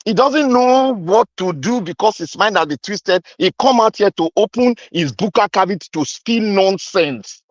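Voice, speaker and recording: A man's voice: sits high, animated, normal speed, hardly any pauses, no room sound, lo-fi sound. A man with a Nigerian accent delivering an angry, accusing political rant, repeating himself and slipping into pidgin. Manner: mixes in pidgin. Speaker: commentator.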